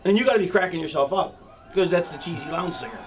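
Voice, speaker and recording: A man's voice: high-pitched, quick pace, noisy background. A man talking a younger wrestler through a match plan in a rambling, profane way, full of "you know". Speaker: veteran wrestler coaching a younger wrestler. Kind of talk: casual backstage planning talk. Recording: music playing in the background.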